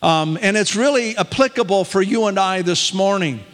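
High-voiced man preaching in a reverberant hall. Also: moderate pace. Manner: animated storytelling, voice rising when excited. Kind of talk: sermon with personal story and scripture reading. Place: church hall.

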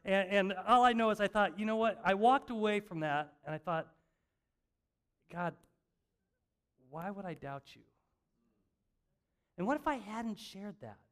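A man's voice: high-pitched, a bit bright. An older man giving a sermon as a pastor in a church, telling stories in a chatty, self-mocking way and often restarting his sentences. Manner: conversational, self-mocking storytelling with frequent restarts. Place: church sanctuary.

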